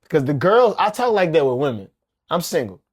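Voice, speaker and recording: A young man, co-hosting a loose podcast and cracking jokes as he goes. His voice sits a little high for a man. He talks over his partner and keeps the chat moving. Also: big pitch swings, fairly quick, husky. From Baton Rouge, Louisiana. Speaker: podcast co-host. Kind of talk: casual chat.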